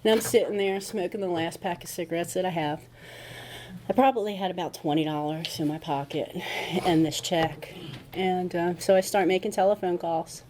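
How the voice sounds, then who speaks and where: A woman with a deep, mellow voice gives her personal testimony at a recovery meeting, telling her story casually and conversationally while acting out what people said. There's slight background noise.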